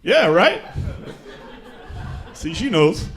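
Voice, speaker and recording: Young male comic from Tacoma, high and animated, self-mocking stand-up delivery with chuckles. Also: very slow. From Tacoma, Washington. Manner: laid-back, self-mocking, chuckles through punchlines. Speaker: stand-up comedian. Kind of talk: stand-up comedy set. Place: comedy show with live audience.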